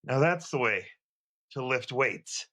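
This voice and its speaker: A man giving a mock-serious workout demo as a comedy bit, deadpan like a fake coach. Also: mid-range voice, slow pace. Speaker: comedy segment presenter.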